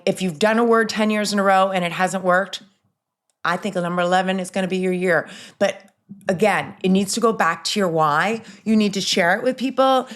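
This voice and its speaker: A middle-aged woman hosting a solo podcast, chatting in an upbeat, rambling way with many restarts and asides. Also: mid-range voice. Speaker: podcast host.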